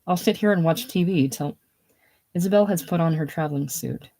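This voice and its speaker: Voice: medium pitch, brisk, warm tone, natural voice. A reader doing a blunt, teasing man. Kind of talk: casual solo play reading.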